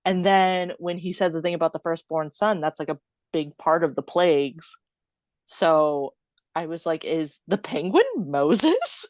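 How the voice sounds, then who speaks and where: A woman podcast co-host who talks through her ideas in a chatty, giggly way, often laughing mid-sentence. Her voice is on the lower side and sounds dry and close to the mic. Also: expressive, measured pace, a little mellow, dry recording. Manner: chatty and giggly, thinking aloud. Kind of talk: casual chat about a film.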